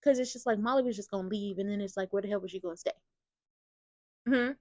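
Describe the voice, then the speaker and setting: A woman's voice: medium pitch, fast talker, a little mellow, no room sound. A woman hosting a casual soap opera recap, telling the story in a sassy, slangy way and acting out the characters' lines. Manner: acts out characters' lines in quotes.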